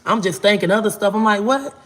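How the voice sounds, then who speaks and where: A man's voice: medium pitch, moderate pace. A man, casually telling a long, profane story. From Florida. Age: 40s. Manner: profane, rambling, acts out quotes in a raised voice. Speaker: vlogger.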